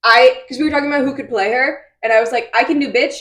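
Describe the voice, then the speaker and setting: A woman's voice: sits high, fast talker, fairly bright tone. Chatty young woman recapping a book. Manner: chatty, full of "like" and quoted asides. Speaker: podcast co-host. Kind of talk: casual book discussion chat.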